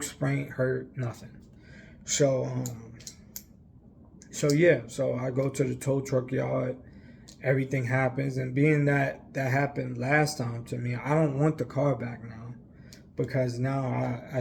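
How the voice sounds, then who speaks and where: A man's voice: medium pitch, gravelly, darkish tone, slight background noise. A young man telling a long personal story in a casual, rambling way, emphatic and full of fillers. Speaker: vlogger.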